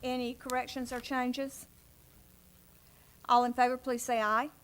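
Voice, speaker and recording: A woman's voice: high-pitched, little pitch movement, a little slow, fairly bright tone, slight background noise. A woman chairing a city planning commission meeting in council chambers, speaking in polite, formal procedural phrasing.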